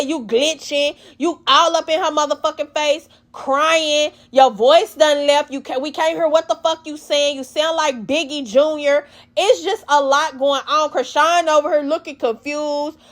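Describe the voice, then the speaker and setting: Blunt profane woman with a high voice. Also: unhurried. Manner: blunt, profane, animated storytelling. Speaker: reality TV recap host. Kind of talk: casual recap commentary.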